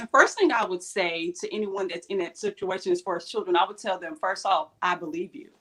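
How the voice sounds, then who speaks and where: Husky-voiced woman talk show guest. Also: mid-range voice, fairly quick, a bit bright. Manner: earnest, direct storytelling. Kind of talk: interview answers.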